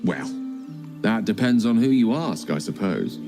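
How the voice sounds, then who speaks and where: A man's voice: lowish voice, lively intonation, a little slow. A man voicing a charming, self-assured male wizard in a video game, speaking with a witty, theatrical manner. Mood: wry. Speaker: game character. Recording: game audio with music underneath. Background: game music.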